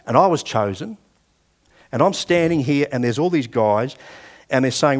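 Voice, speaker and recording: A man's voice: mid-range voice, expressive, fast talker. A man in his sixties with an Australian accent, preaching a sermon and telling personal stories in a conversational way. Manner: conversational storytelling, acting out past dialogue.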